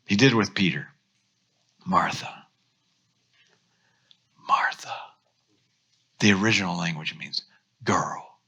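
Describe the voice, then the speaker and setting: A pastor with an American accent preaching a sermon, telling stories with lively acted-out quotes. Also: male voice, low-pitched, normal speed, vocal fry, breathy edge. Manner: animated storytelling, acts out quotes.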